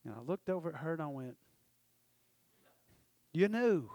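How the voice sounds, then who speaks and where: A man preaching a testimony, storytelling with passion and swinging from loud to hushed. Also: fairly high pitch, racing, vocal fry. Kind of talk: sermon testimony.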